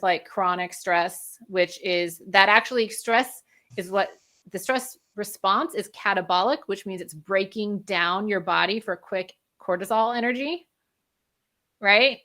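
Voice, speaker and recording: Brief: woman guest expert, bright, lively explainer, laughs easily. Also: mid-range voice, moderate pace. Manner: energetic, explanatory, laughs often. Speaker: functional medicine practitioner, guest. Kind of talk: interview conversation.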